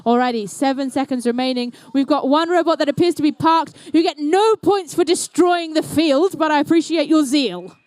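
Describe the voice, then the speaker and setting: A woman's voice: high voice, moderate pace, few pauses, a little mellow, no room sound. A woman commentating a live indoor competition and emceeing it, with playful, jokey banter aimed at the crowd.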